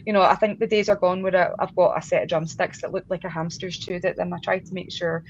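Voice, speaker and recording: A woman's voice: on the low side, steady tone, quick pace. A woman drummer and singer, a guest in a casual interview, talking in a chatty, self-deprecating way and laughing often. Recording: slightly dull lo-fi audio with faint noise.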